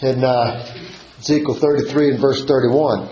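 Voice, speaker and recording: A man's voice: medium pitch, steady tone, normal speed, warm tone. A man preaching a sermon, reading old-style scripture and building to emphatic points. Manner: reads scripture in King James wording, then preaches with rising emphasis. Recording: roomy, slightly dull recording with faint noise.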